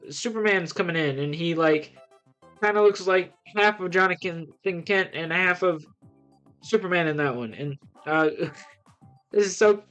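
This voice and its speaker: A man's voice: high-pitched, fairly bright tone, clear, resonant tone, highs cut off. Rambling young-sounding comic reviewer, man. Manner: rambling plot recap full of fillers; blunt, scornful verdicts. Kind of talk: casual livestream review.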